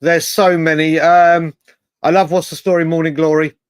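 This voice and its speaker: A man's voice: on the high side, level tone, normal speed, clear, resonant tone, no room sound, studio quality. A man co-hosting a casual football chat show, rambling with lots of restarts and the odd swear word. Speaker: podcast co-host.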